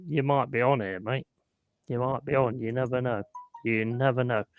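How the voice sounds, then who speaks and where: A man's voice: mid-range voice, fairly even intonation, moderate pace, smooth, no room sound, narrow, tinny audio. A man hosting a live stream, chatting casually and bluntly, swearing and joking with his chat.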